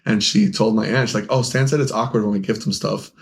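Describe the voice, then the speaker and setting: A young man who owns a game store co-hosts a podcast, telling rambling stories in casual chat, laughing often and acting out the people he quotes. His lowish voice is fast, fairly even, and has vocal fry.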